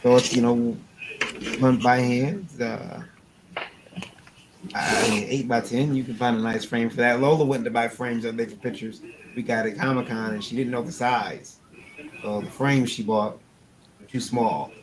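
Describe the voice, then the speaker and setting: A man's voice: mid-range voice, steady tone, moderate pace, pauses often, a crowd in the background. A man co-hosting a charity auction stream, casual and rambling with lots of fillers. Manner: rambling, laid-back, many fillers. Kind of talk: casual chat. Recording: noisy stream audio.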